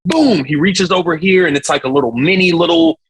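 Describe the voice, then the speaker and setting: Husky man telling a slangy story. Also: a little high, fast, low-quality recording. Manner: animated, slangy storytelling with sound effects. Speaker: guest, singer. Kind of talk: casual storytelling interview.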